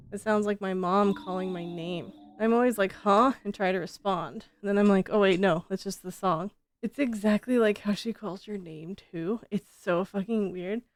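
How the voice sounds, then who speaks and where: A woman streamer chatting casually with her viewers, rambling and laughing often, with frequent casual swearing. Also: mid-range voice.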